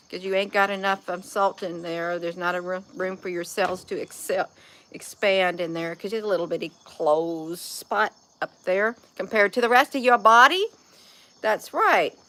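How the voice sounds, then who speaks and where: Bright-voiced woman rambling casually. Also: medium pitch. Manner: folksy, chatty, drifts between topics. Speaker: vlogger.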